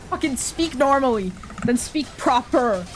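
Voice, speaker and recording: A Canadian woman with a medium-pitched voice chats casually while streaming a game, over a slight hiss or hum. She rambles, swears freely, and laughs a lot.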